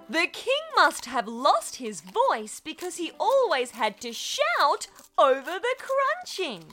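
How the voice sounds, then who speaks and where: A woman reading a children's story aloud, expressive and playful with sound-effect words. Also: sits high, slow, few pauses.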